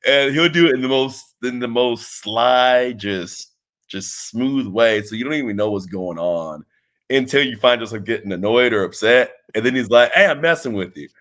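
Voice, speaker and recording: A man's voice: medium pitch, normal speed. A man being interviewed in casual chat, telling rambling stories full of restarts and acted-out quotes. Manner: animated storyteller, rambling with restarts, acts out quotes. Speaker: interview guest, wrestling trainer.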